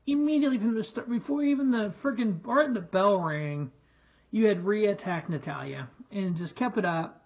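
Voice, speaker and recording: A man's voice: high-pitched, moderate pace, lo-fi sound. A young man hosting a casual wrestling review show, ranting in a frustrated, profane way with lots of restarts.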